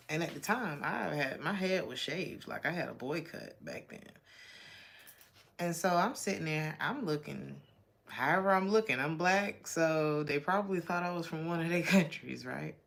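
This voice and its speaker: An American woman from Georgia gives a casual tarot reading with a low, gravelly voice. She talks in a chatty, blunt, slangy way and laughs often between thoughts. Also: fairly bright tone. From Georgia, USA. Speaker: tarot reader.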